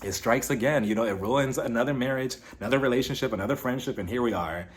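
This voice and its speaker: A man in the middle of a casual reality show recap, his voice sitting at an ordinary pitch. He talks in an animated, gossipy way and now and then jumps way up high to mimic the cast. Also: quick pace. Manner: animated, shifts into high-pitched impressions when quoting. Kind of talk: casual commentary.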